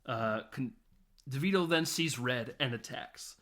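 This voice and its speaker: Male podcast host, casual and profane film recap, laughs a lot, mid-pitched. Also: a little slow. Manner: laughing, profane, animated retelling with quoted lines.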